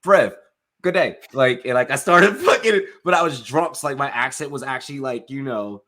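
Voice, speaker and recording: A man's voice: medium pitch, a little fast, a crowd in the background. Laid-back young man telling stories. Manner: laid-back, profane storytelling with laughs. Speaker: podcast co-host. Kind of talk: casual chat.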